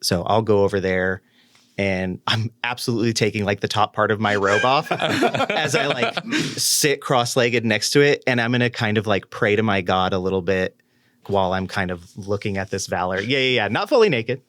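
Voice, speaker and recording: A man's voice: fairly low pitch, expressive, normal speed, fairly bright tone, dry recording. A man playing a tabletop fantasy game, talking casually and hesitantly about his character. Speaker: player. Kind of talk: tabletop role-play.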